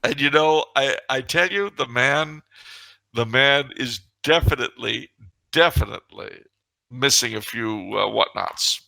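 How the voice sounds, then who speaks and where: Gravelly, bright-voiced middle-aged male storyteller. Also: mid-range voice, unhurried, no room sound. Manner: animated raconteur, mock-indignant, acts out dialogue. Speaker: podcast co-host. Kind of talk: casual banter and storytelling.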